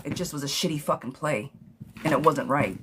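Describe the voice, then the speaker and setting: A woman's voice: low-pitched, brisk, noisy background. Blunt, swearing tarot reader woman. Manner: blunt, frank, swears freely; affectionate pet names for viewers. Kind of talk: live-streamed tarot reading.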